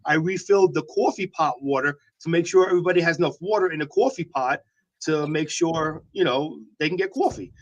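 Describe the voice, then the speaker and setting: A man's voice: fairly high pitch, brisk, lo-fi sound. A man co-hosting morning radio, rambling and defensive, with lots of filler words. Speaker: radio co-host. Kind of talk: casual morning radio banter.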